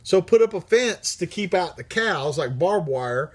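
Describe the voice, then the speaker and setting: A man's voice: high-pitched, animated, a little slow, a little mellow, slightly rough. A middle-aged man hosting a livestream, reading viewer comments aloud in a blunt, profane manner and laughing often. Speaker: livestream host.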